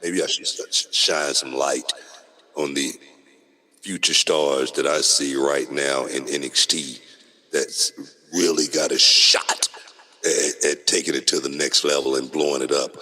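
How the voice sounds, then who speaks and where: A middle-aged man, hosting a casual podcast chat, animated, laughing often and repeating himself. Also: a bass voice, unhurried, long reverb tail. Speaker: podcast host.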